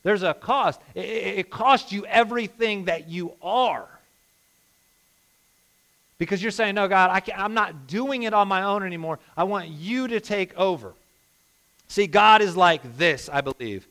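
Guy preaching, kinda high voice, goes soft then loud, really into it. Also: measured pace. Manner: impassioned, swings from hushed to emphatic. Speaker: pastor. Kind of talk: sermon.

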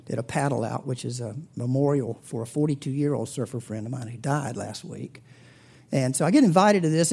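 Guy preaching a sermon, tells stories, gets loud and high then drops to a whisper. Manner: storytelling with big swings in pitch and loudness; drops to a breathy whisper at tender points. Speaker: pastor.

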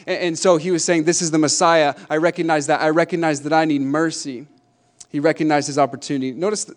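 Young guy preaching, kinda high voice, gets loud and fired up. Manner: animated preaching, builds to loud emphatic climaxes. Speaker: pastor. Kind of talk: sermon.

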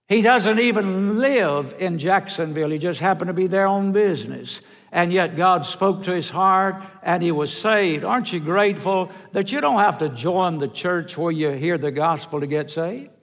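A male traveling evangelist preaching a revival sermon in a church, earnest and storytelling, slowing down for emphasis. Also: sits high, fairly bright tone. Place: large church sanctuary. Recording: echoey sanctuary with long reverb.

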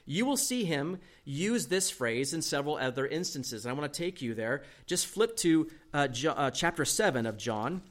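A man preaching a sermon, reading scripture aloud and explaining it in an animated way, dropping quiet for emphasis. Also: fairly high pitch, normal speed, hardly any pauses.

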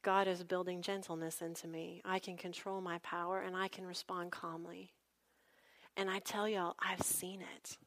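A woman's voice: lowish voice, moderate pace. A woman pastor preaching a sermon in a chatty, storytelling way with asides to her listeners. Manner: conversational, animated storytelling with asides to the congregation.

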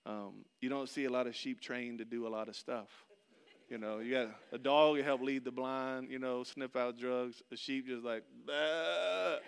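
A middle-aged man preaching a sermon, telling a personal story and swinging between loud excitement and hushed, soft passages. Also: medium pitch, clean tone. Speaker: pastor. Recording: long hall reverb.

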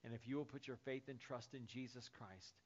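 A man preaching a sermon as pastor, dropping to soft, hushed lines and rising to loud, excited storytelling. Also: mid-range voice, brisk, muffled recording.

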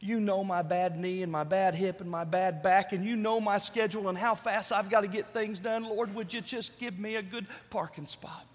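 A smug, boastful churchgoing friend, as a preacher man puts him on, telling his tale in a soft, hushed, self-satisfied voice. The voice is high and echoes through a large church hall with long reverb. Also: fairly even intonation, moderate pace, hardly any pauses.

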